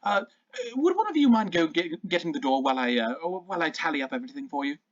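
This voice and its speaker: A man voicing a flamboyant, doting female shopkeeper in a tabletop game, swooping high and calling everyone darling. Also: big pitch swings, fast. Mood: gushing. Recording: slightly dull lo-fi sound.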